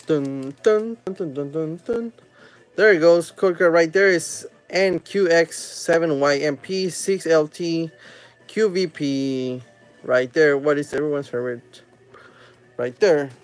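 Excited man hosting a card-opening stream. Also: on the high side, measured pace. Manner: excited, hums "dun dun" while opening packs; chats with viewers and reads their comments aloud. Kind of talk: casual live-stream commentary.

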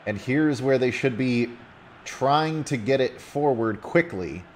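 A man casually commentating a video game football match play by play, getting loud when a goal goes in. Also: medium pitch, slow, slight background noise. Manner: casual, rising excitedly on goals.

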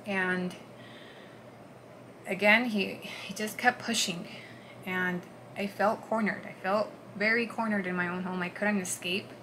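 A woman speaks at a middle pitch, recounting her own story earnestly and haltingly. Her voice sinks to a hush at some moments and turns forceful at others. Clear background noise runs under the home recording. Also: fairly even intonation. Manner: earnest, halting, swings between hushed and forceful. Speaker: vlogger. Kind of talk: personal storytelling.

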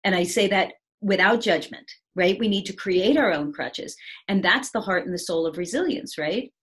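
A woman's voice: medium pitch, moderate pace, a bit bright, husky. A woman giving a conversational talk on resilience over a video call, reflective and often checking in with the listener. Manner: reflective, frequently checking in with "right?". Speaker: speaker on resilience and change.

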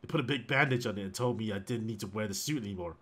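A man reading a diary aloud as a male animal keeper slowly turning into a zombie, in a flat voice that turns broken and rambling. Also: on the low side. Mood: unravelling.

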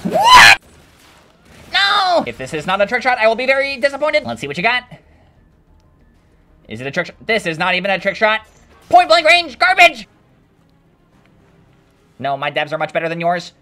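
A goofy male alien gamer with a bright, sharp, edgy tone, as a man puts him on. He swings his voice all over the place, boasting one moment and yelling the next in a silly game-commentary bit. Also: high-pitched, sing-song, quick pace, faint music behind, exaggerated voice. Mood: indignant. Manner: silly, boastful, bursts of shouting. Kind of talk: gameplay commentary.

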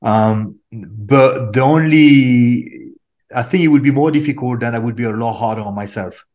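A man from France, an actor, speaking English with a French accent in a relaxed interview, pausing often to search for words. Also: mid-range voice. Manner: thoughtful, pauses with fillers, mimics other voices. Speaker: actor guest. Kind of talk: casual interview talk.

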